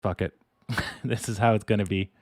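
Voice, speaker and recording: A man's voice: lowish voice, fairly even intonation, normal speed, darkish tone, dry recording, studio quality. A man hosting a casual stock trading livestream, rambling, chuckling and swearing offhand.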